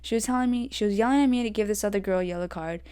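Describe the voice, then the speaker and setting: A young adult woman hosting her own podcast, rambling through a story with lots of fillers and getting animated when irritated. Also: mid-range voice, racing, clear, resonant tone. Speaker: podcast host. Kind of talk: solo casual rant. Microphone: desk podcast mic.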